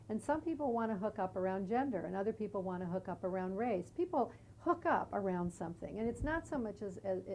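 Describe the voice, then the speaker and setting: Middle-aged woman from the us, warm mellow voice, earnest and thoughtful on a tv studio couch. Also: medium pitch, slight background noise. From United States. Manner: earnest, reflective, with small restarts. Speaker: guest, singer and peace activist. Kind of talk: studio talk show conversation. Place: community TV studio.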